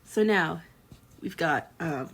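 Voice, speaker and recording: A woman's voice: low voice, animated, takes it slowly, a little hiss or hum. A woman co-hosting a podcast in casual chat, rambling with many fillers and restarts. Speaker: podcast co-host.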